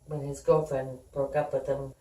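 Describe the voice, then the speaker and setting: A woman's voice: extremely low pitch, flat delivery, moderate pace, warm tone. A middle-aged woman telling her family's story in an interview, conversational and acting out the dialogue. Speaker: guest. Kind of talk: candid personal storytelling. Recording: roomy sound, distant from the mic.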